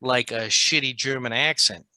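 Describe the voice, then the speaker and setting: A man's voice: medium pitch, moderate pace, bright, forceful tone, no room sound. A man co-hosting a podcast in casual, joking banter, swearing freely and throwing in mocking asides. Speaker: podcast co-host.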